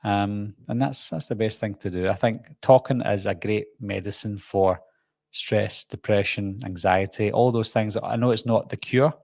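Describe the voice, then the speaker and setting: Scottish man, live-stream host, rambling self-deprecating chat, lowish voice, dry close sound. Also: steady tone, normal speed, vocal fry, darkish tone, dry recording. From Scotland. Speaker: horror channel host.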